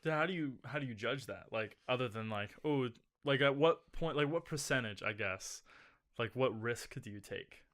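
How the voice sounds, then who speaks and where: Bright-voiced joking man co-hosting. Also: medium pitch, lively intonation, moderate pace. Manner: joking, rambling with many fillers. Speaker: podcast co-host. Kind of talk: casual chat.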